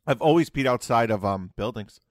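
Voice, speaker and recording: A man's voice: mid-range voice, lively intonation, fairly quick, dry recording, clean studio sound. A young man co-hosting a podcast, telling a long story in casual chat with lots of restarts and asides. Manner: rambling, self-interrupting storyteller. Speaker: podcast co-host.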